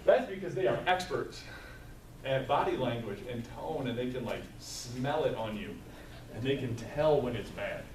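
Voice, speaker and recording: A man's voice: mid-range voice, lively intonation, moderate pace. A man leading a live staff training session, talking conversationally, telling stories and checking in with "right?" as he goes. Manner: conversational, storytelling, tags points with "right?". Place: training room with tables. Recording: echoey room, mic far off, faint noise.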